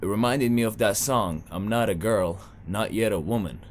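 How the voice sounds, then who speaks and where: A young Sudanese man does a stand-up comedy set, spinning stories in a loose, chatty style full of playful asides. His voice sits fairly low and moves at a moderate pace, with slight background noise.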